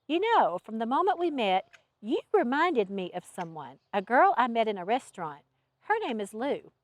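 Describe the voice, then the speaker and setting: A guarded young woman running an inn, heartbroken and curt, who fires off suspicious questions, as a woman reading aloud acts her out. Her voice is high and very lively in pitch. The sound is close and dry. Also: moderate pace, dry recording. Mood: wary.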